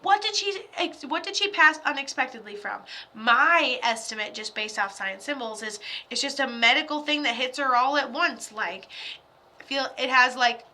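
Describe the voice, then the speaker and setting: A bright, forceful young woman talks her way through a live psychic reading. Her voice sits a little high, and she rambles loosely with fillers and offhand jokes. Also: moderate pace. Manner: chatty, lots of fillers, loose and joking. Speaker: psychic medium.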